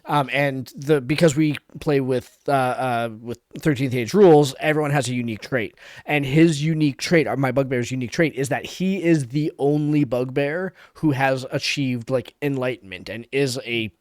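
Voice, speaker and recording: A man's voice: medium pitch, normal speed, few pauses, a little mellow, dry recording, clean studio sound. A man who runs tabletop games, talking enthusiastically on a podcast with lots of "like" and restarts. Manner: enthusiastic, many fillers and restarts. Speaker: game master and podcast panelist. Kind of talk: casual podcast chat.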